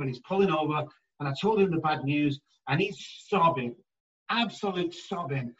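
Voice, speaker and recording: A man working as an addiction therapist, telling stories in an interview in an emphatic, animated way and acting out the voices he quotes. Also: fairly high pitch, a little fast, recorded from a distance, lo-fi sound. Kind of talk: storytelling in a conversational interview.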